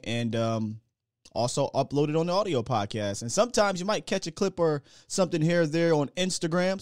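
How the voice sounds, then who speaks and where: A man hosting a live sports talk stream, hyped and slangy, reading shout-outs to the chat. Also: medium pitch, dry recording, clean studio sound. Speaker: sports show host.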